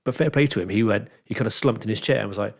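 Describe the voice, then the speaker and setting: Low gravelly man telling stories. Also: rapid-fire. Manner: animated storyteller who acts out what players said. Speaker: dungeon master and podcast co-host. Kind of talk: casual chat, telling a game story. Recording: dull lo-fi recording.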